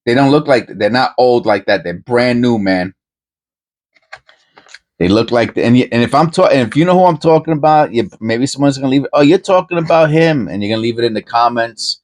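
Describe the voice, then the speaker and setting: A man's voice: medium pitch, animated, brisk, a little mellow. A man hosting a coin-hunting channel, talking casually and rambling with many restarts and self-interruptions. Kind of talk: casual commentary to camera.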